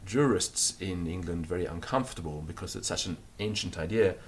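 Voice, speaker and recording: A man teaching a recorded grammar lesson, explaining and repeating words slowly so they can be drilled. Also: deep voice, slight background noise. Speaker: language teacher.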